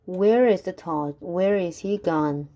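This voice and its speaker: A woman voicing a greedy, shouting crowd of Frenchmen in a storybook reading, loud and eager. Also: fairly low pitch, takes it slowly.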